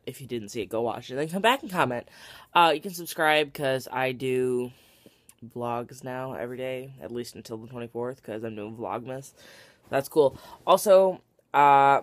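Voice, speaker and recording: A young adult vlogger speaks casually to camera at home, worn out but overflowing with feeling. The voice sits mid-height and the sound is dry and close, with no room echo. Sentences tumble out with fillers and restarts. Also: medium pitch. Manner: gushing and emotional, rambling with many fillers and restarts. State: tired and worked up. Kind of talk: casual late-night vlog to camera.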